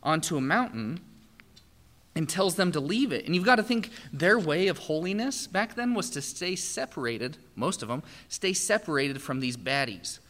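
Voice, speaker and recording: Male preacher, bright forceful tone, lively storytelling sermon, long hall reverb. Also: a little high, normal speed. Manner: animated storytelling, acts out quoted speech.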